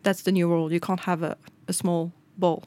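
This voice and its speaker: A woman's voice: on the low side, level tone, brisk, a little mellow. A middle-aged woman, co-hosting a casual chat and telling a story with quoted dialogue. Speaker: podcast co-host.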